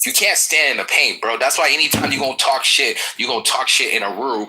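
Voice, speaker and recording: Profane, taunting man, bright voice. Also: mid-range voice, quick pace, hardly any pauses, poor audio. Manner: aggressive, profane, taunting, threatening. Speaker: chat room speaker. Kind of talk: heated trash talk in an online audio room.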